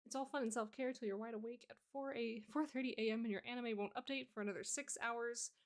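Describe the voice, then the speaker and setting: A woman's voice: on the high side, steady tone, fast talker. A woman streamer chatting casually and rambling as she answers her chat, sleepy and yawning. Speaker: artist streamer.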